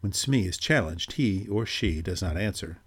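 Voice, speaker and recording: Man with a deep, husky voice narrating a ghost story at a measured, steady pace.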